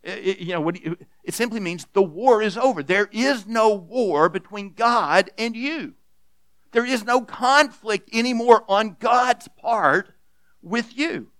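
A man preaching a sermon as pastor, earnest and emphatic, often restarting with repeated words and dropping to a hush on key points. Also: high voice, animated, a little slow, no echo. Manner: earnest, repeats words when restarting, swings between loud emphasis and hushed softness.

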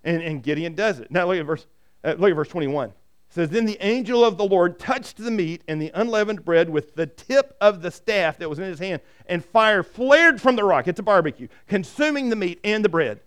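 Male pastor, high clear voice, animated storytelling sermon. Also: brisk. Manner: animated storytelling, repeats words when starting.

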